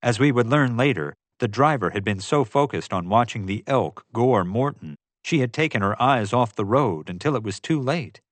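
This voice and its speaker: A man narrating a story aloud in a lively, expressive way. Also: medium pitch, moderate pace, few pauses, no echo. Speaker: audiobook narrator. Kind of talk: scripted narration.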